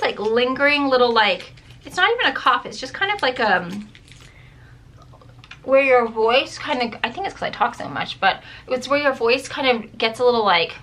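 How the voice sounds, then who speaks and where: A woman's voice: on the high side, a bit bright. A woman in her thirties, a mom vlogging in a rambling casual chat, with a dry throat. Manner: chatty, rambling, says "like" and "dude" a lot.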